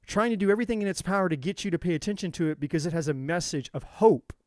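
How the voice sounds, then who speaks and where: A man talks to his viewers as a tarot reader in a fierce, preachy monologue, swearing freely and repeating his lines for force. His voice sits a little high for a man. The sound is close and dry, with almost no room echo. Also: rapid-fire. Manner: intense, profane, preachy, repetitive. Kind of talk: motivational monologue.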